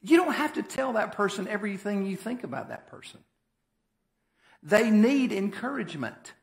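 A man preaching a sermon as pastor, in a folksy, conversational and emphatic way. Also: sits high. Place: church sanctuary. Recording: echoey church hall.

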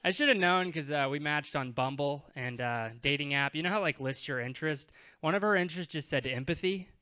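A man's voice: a little high, a little fast, pushed and bright, clear, resonant tone. A man in his twenties performing stand-up at a comedy club, conversational and self-deprecating, acting out bits of dialogue. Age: 20s.

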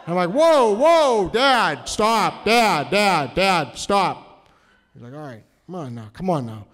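A man from New Hampshire telling a story on stage, nervous and halting, with many restarts. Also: a little high. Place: cultural center hall, live audience.

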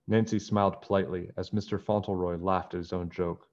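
A man reading a children's chapter book aloud in steady, plain narration. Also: low-pitched, brisk, hardly any pauses, dull audio. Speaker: storybook reader.

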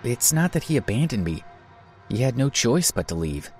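A man voicing a young single mother, his voice raised a little higher. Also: big pitch swings, moderate pace, a little mellow, soft background music. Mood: wistful.

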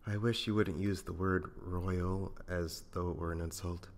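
A man's voice: sits low, steady tone, measured pace. A man voicing a patient, dry-humored princess and diplomat in a fan audiobook reading.

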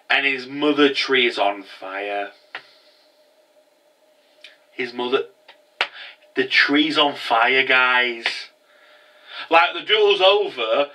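Young man, casual anime review, animated rambling, very bright sharp tone, mic set back. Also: on the high side, distant mic, low-quality recording. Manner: animated, rambling, many restarts.

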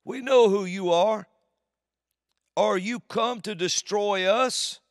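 A male preacher voicing an unclean demon, crying out loudly and pleading to be left alone. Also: high-pitched, slow pace, no room sound, studio quality, in a large hall, voice pushed up. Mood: frantic. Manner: loud pleading cries. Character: shrieking unclean demon, fearful and defiant.

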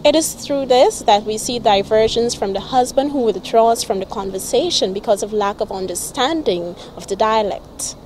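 A woman's voice: fairly high pitch, normal speed, hardly any pauses, background noise. A woman student reading a formal, academic presentation. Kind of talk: read presentation.

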